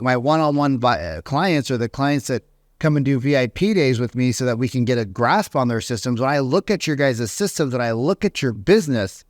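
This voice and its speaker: A middle-aged man, a real estate coach, talking in an animated podcast monologue and acting out the people he quotes. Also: mid-range voice, dry recording, studio quality. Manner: animated storytelling, acts out quoted voices.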